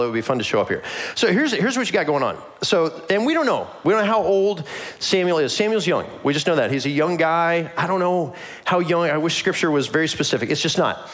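Animated man preaching a sermon. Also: a little high. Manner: animated, humorous storytelling with acted voices. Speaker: pastor.

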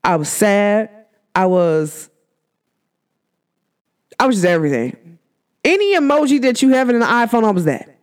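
A woman's voice: medium pitch, expressive, normal speed, pauses often. A woman in her thirties hosting a casual spiritual talk, slangy, rambling and candid. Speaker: podcast host.

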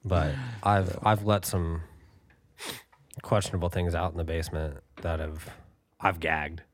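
A man's voice: low-pitched, level tone, a little slow, slight background noise. A man chatting casually as a podcast guest in a studio, rambling with lots of "like" and laughing through his stories. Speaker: band member guest.

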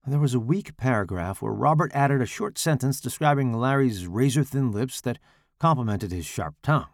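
A man reading a horror story aloud in a dramatic, expressive way. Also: medium pitch, normal speed, no room sound, studio quality. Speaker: author and podcast host.

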